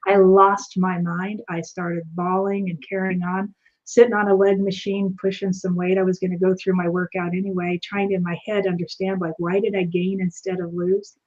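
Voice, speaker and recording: A woman guest telling a personal story in an animated way, acting out the dialogue as she goes. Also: lowish voice, moderate pace, muffled recording. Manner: animated, acts out quoted dialogue. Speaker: returning guest.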